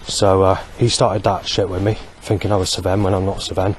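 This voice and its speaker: Rambling low-voiced man. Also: little pitch movement, normal speed, a little hiss or hum. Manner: rambling, with many fillers. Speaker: vlogger. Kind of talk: walking monologue. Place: outdoors on a street.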